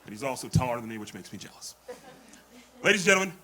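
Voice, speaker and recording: A man emceeing a comedy show, giving a fast, upbeat build-up to the next act. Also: medium pitch, big pitch swings, sharp tone. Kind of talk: introducing a comedian.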